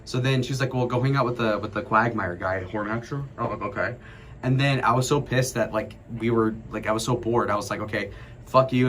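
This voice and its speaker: A man's voice: on the low side, slight background noise. A man in his twenties on a casual livestream, telling a long story in a rambling, profane way. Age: 20s. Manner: rambling, profane, animated retelling. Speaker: streamer.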